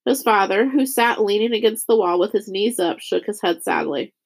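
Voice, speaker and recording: A woman reading a chapter book aloud as narrator, raising her pitch for the characters' lines. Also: moderate pace, slightly rough. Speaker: audiobook reader. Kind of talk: scripted narration.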